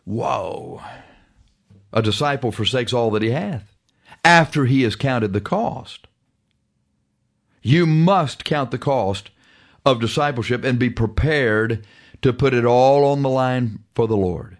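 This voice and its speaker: Emphatic male preacher. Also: medium pitch. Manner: emphatic, drawn-out preaching with sudden fast stretches; reads scripture in old-fashioned wording. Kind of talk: radio sermon with scripture reading.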